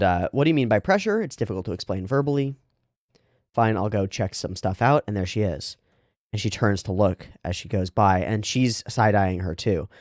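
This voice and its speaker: A man talks through an anime episode in loose, casual commentary, reading out bits of dialogue and thinking aloud. His pitch swings widely as he gets into it. The sound is close and dry, with no room around it. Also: no echo. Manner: animated, quotes dialogue and muses aloud, swears casually. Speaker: anime reaction host.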